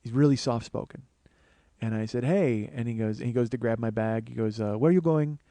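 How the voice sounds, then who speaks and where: A man telling a long comic story on his show, swearing often, starting in low murmurs and building to excited, rising outbursts. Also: brisk, no echo. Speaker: comedian and podcast host. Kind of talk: storytelling monologue.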